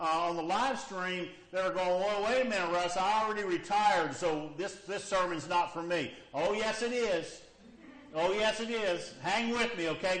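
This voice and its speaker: A man's voice: high voice, a bit bright. A man pastor preaching a sermon to a congregation, who often stops to ask "okay?" to check that his listeners are following. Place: church hall with a congregation, also live-streamed. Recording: echoey church hall.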